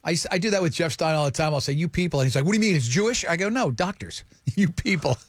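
A man's voice: fairly high pitch, expressive, no echo. A man co-hosting a radio talk show, joking and teasing his co-hosts in casual banter. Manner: joking, teasing, quick to laugh. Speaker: radio co-host.

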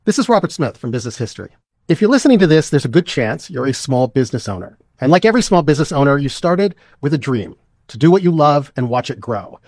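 A man reading a scripted business ad in an upbeat, lively way. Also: mid-range voice, quick pace, dry recording, studio quality. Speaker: ad narrator. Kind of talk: scripted ad read.

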